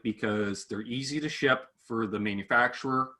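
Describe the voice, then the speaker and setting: A man's voice: mid-range voice, measured pace. A man who makes guitar pedal demos, chatting casually with another creator and animatedly acting out the people he quotes. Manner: animated, acts out quoted voices. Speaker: guitar gear demo creator. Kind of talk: casual chat between online creators.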